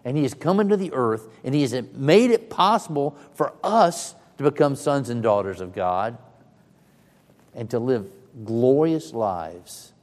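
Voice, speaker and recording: A man's voice: medium pitch, expressive, measured pace, a little mellow. A male preacher delivers his sermon unhurriedly, leaning hard on key phrases and stepping into the first person to retell the story. His voice rings out in a big hall with a long reverb trailing every line.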